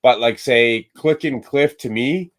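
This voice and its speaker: A man's voice: mid-range voice, measured pace. A man with a Canadian accent chatting casually on a livestream, offhand and opinionated, with lots of fillers. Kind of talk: casual chat.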